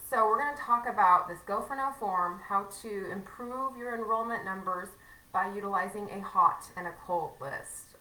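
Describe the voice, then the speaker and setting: A woman's voice: fairly high pitch, pushed and bright, echoey room, distant mic, low-quality recording. A woman giving a casual livestream training to her team, chatty and self-mocking with many fillers.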